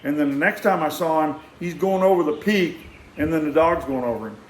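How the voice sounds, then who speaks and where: An older man with a drawl tells a long personal anecdote, animated and acting out the sounds. He often starts a sentence over. His voice sits a little high and rings in a roomy, echoing space. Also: fairly quick, a little hiss or hum. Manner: animated, acts out sounds, many restarts. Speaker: storyteller.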